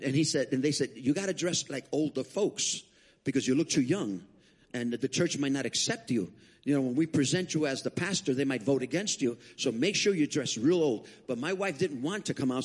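A man preaching as a guest speaker, telling his testimony as an animated story with frequent restarts. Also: medium pitch, breathy edge. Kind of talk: sermon testimony.

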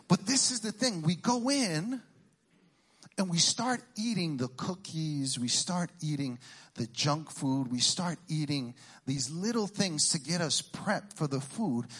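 Middle-aged man from Puerto Rico, stand-up comic, lively swooping pitch, unhurried, teases the crowd. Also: slightly rough. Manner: animated, crowd-teasing, drops into Spanish exclamations. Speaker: stand-up comedian. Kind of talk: stand-up comedy routine.

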